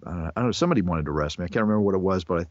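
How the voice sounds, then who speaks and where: A man's voice: deep voice, animated, very fast, no room sound. A man being interviewed as a voice actor, chatting casually and rambling with frequent restarts. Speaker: voice actor guest. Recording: dull, dry lo-fi recording.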